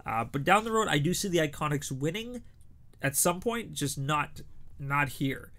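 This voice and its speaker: A man's voice: a little high, expressive, moderate pace, fairly bright tone. A young man giving casual, opinionated predictions as a show host, chatty with frequent restarts.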